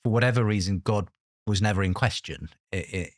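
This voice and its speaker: A man's voice: on the low side, a little fast, no echo, clean studio sound. A man hosting an interview, asking long, rambling questions with many restarts. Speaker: podcast host. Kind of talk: interview conversation.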